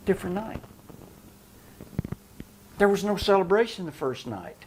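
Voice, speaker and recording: A man telling wrestling-career stories in an interview, animated and profane, laughing often. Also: high-pitched, unhurried, slight background noise. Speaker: interview guest, retired wrestler. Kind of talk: shoot interview storytelling.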